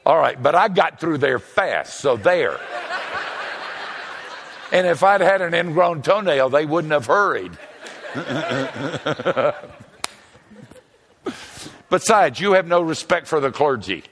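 Slow and often pausing, an older man with a somewhat high voice delivers a funny sermon full of animated stories and banter with the congregation. Background noise and long hall reverb are audible.

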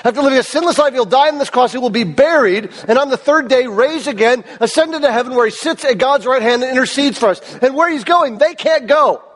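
High-pitched guy preaching, voice kinda cracking, big echoey church hall. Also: expressive, quick pace, few pauses, a bit bright. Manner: earnest, emphatic, asks the congregation questions. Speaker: pastor. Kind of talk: sermon. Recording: long reverb of a large hall.

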